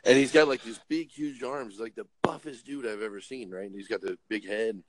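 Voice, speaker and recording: A truck driver with a fairly low, steady-toned voice jokes and rambles his way through stories in relaxed chat. He's brisk, restarts often with plenty of uh's, and the recording has no echo.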